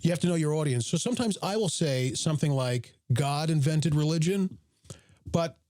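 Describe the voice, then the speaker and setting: Emphatic male host, lively swinging pitch, mellow dry close-mic sound, riffing on his own clips. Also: normal speed, no echo. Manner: animated, emphatic, jokey asides. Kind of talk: live commentary over video clips, reading chat.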